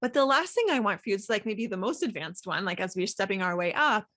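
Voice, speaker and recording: A woman's voice: mid-range voice, quick pace, fairly bright tone. A woman hosting a solo coaching podcast, talking casually with many fillers and acting out inner thoughts. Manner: chatty, lots of "like" fillers, acts out inner voices.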